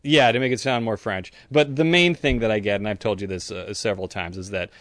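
A man co-hosting a comedy podcast in casual chat, with a dry, low-key delivery and trailing asides. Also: brisk, fairly bright tone, no room sound. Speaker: podcast co-host.

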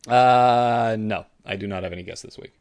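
Dry low-key man co-hosting a podcast. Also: normal speed, a little mellow, no room sound. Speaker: podcast co-host. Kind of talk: casual comedic chat.

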